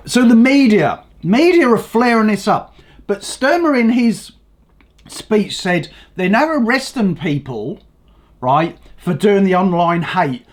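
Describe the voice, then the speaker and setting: An older Englishman with a hoarse voice rants about politics in a blunt, sweary vlog. His pitch swings widely as he talks, rising and dropping from one phrase to the next. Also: sing-song, takes it slowly, pauses often. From England. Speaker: vlogger. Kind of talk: ranting political commentary.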